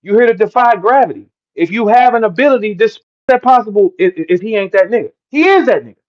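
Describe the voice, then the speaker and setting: This is a heated livestream rant from a middle-aged battle rapper hailing from St. Louis in the Midwest US, who lectures his listeners in a preachy, profane way. He talks quickly in a high-pitched voice with lively intonation, captured in lo-fi sound.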